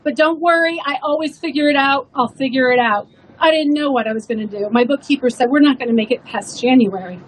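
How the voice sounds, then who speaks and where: A woman's voice: sits high, fairly quick, poor audio. A woman, a restaurant owner, telling an emotional story in an earnest rally speech.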